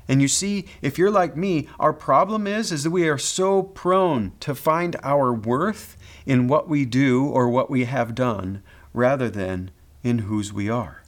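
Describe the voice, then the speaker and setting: An earnest male pastor delivers a sermon in a voice of middling pitch. He speaks in a pastoral way and sometimes doubles back on a word while building toward his point. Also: a little slow.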